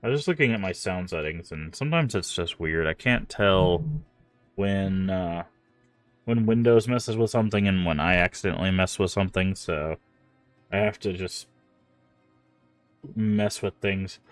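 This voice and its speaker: A man's voice: sits low, normal speed, long pauses, dry recording, faint music behind. A man streaming a game, talking casually and rambling with many fillers, stuffed up from allergies. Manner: rambling, filler-heavy, apologetic. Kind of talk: casual gameplay stream chat.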